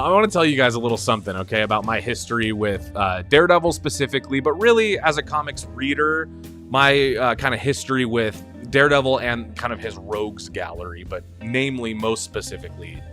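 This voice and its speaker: Young male streamer, casual chatty commentary, sharp bright tone, light music bed. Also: mid-range voice, lively intonation, fairly quick. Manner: enthusiastic, rambling, laughs and swears often. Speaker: stream host.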